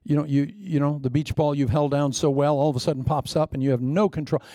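A man delivers a sermon in a gravelly, mellow voice. He tells the story in an animated way, acting out lines and throwing in sudden asides to the congregation. The sound is dry, with no room echo. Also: on the high side, fast. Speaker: preacher.

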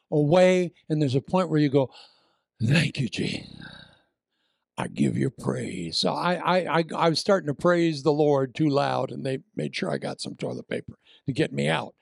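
Preacher guy telling a story in his sermon, kinda high gravelly voice, dry close sound. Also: normal speed, no room sound. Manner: animated storytelling, shouted punchlines, then soft prayer.

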